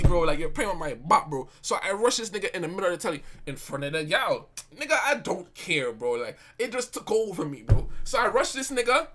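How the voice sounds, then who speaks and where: A man's voice: high voice, sing-song, fairly quick, hardly any pauses, heavy background noise. A young man streamer telling a story in casual slang, often bursting into laughter. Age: young adult. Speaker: live streamer.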